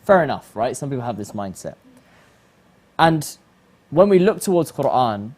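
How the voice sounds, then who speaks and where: A man hosting a reflective religious talk, animated and acting out the voices he quotes. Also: mid-range voice, normal speed. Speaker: host.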